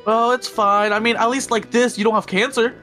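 A man playing a scientist in a Minecraft role-play, calm, dry and teasing. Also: very high voice, fairly quick, soft background music.

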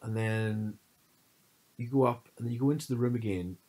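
A man co-hosting a podcast, telling stories in an animated, casual chat full of fillers. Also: medium pitch, normal speed, poor audio. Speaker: podcast co-host.

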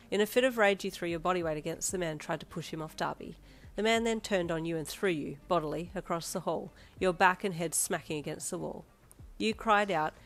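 A woman narrating a second-person fanfiction story with dramatic, expressive delivery. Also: lowish voice.

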